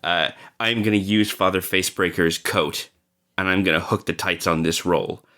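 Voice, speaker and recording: A man playing a tabletop game, deliberately talking through his moves. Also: deep voice, fairly even intonation, bright, forceful tone. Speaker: player.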